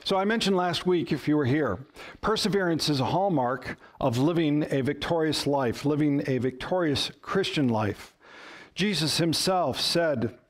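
Man preaching a lively conversational sermon. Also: fairly high pitch, moderate pace. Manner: conversational storytelling with humor and rhetorical questions. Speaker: pastor.

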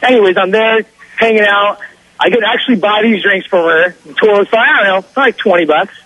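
A young man calling a radio show who tells a story in a boastful, excitable, slangy way over the phone. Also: sits high, brisk, no echo, dull audio. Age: young adult. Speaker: caller. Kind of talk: casual storytelling on a call-in show.

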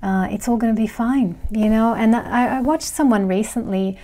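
A woman's voice: a little high, normal speed, mellow. A middle-aged woman vlogger chatting casually as she reads viewer comments, rambling with fillers and laughs. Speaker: astrology vlogger.

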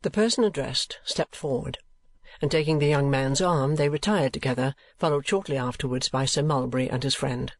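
A man narrating a classic novel as an audiobook in a steady, measured way. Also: mid-range voice, dry recording.

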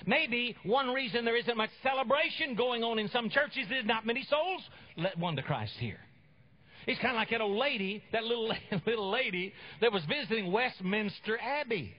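A man preaching a sermon, telling stories and swinging between loud emphasis and low, quiet asides. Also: lively intonation, normal speed. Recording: dull lo-fi radio broadcast.

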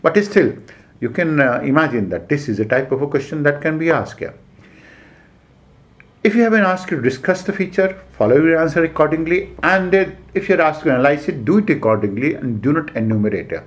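A man with an Indian English accent lecturing as an exam coach, giving numbered points with frequent "uh" pauses and repeated key phrases. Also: a little high, expressive. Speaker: civil service exam coach. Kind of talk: classroom lecture.

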